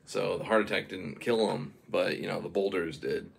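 A man's voice: sits low, fairly even intonation, normal speed, gravelly, slight background noise. A man improvising a silly, rambling story for a baby, chuckling as he goes.

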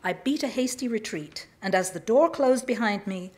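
A woman from England, reading aloud a humorous personal story in a lively, self-mocking way. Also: fairly high pitch, normal speed. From southern England. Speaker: writer reading her work.

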